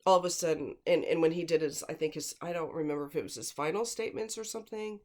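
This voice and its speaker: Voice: mid-range voice, quick pace, a little mellow. A true-crime commentator talking casually and bluntly, stressing points by repeating words, wandering off into asides. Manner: rambling, with digressions and fillers; blunt and scornful.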